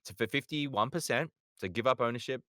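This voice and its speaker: A man's voice: mid-range voice, fairly quick, sharp tone, no echo, clean studio sound. A man with an Australian accent, a voice actor guest telling stories in a laid-back, rambling way on a podcast. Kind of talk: casual podcast chat.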